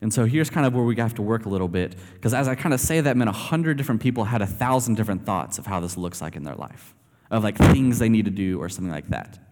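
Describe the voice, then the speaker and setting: A man preaching a sermon in a conversational, animated storytelling way, speaking to a church gathering. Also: on the low side, quick pace. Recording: long hall reverb.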